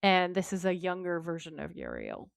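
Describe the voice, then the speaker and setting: A woman co-hosting a podcast, retelling a TV episode with lively quoted lines in casual chat. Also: on the low side, normal speed, gravelly, no echo, studio quality. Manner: lively retelling, quoting characters in her own voice. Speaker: podcast co-host.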